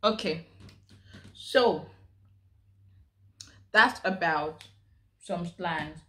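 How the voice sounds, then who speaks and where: A woman's voice: on the low side, extremely slow, fairly bright tone. A woman from Nigeria chatting casually in a vlog, explaining slang while she does her makeup. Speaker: vlogger.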